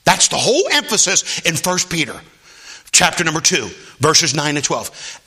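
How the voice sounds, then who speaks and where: A male pastor delivering a sermon, swinging between quiet low asides and high, shouted exclamations. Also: big pitch swings, normal speed, breathy edge. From Philadelphia area.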